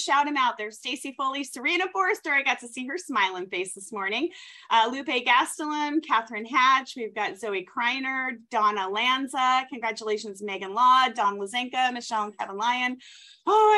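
Bright, upbeat woman rushing through shout-outs. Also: on the high side. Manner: upbeat, hurried, apologetic about rushing. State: running out of breath. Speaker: host of a team recognition call. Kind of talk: reading out names in a recognition segment.

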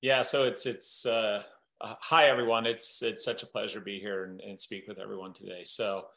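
A man in his fifties from Southern Iowa talks in a low, unhurried voice, stumbling over fillers and restarts as he tells a story. The sound carries a roomy echo around him. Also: gravelly. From Southern Iowa, USA. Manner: relaxed, halting, many fillers and restarts. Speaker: company co-founder and chemist. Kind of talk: storytelling on a company training call.

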